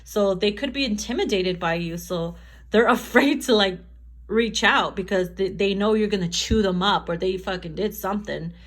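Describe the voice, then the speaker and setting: A woman's voice: mid-range voice, normal speed. A woman giving a casual tarot reading to camera, chatty and profane, often laughing and acting out quotes. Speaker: tarot reader.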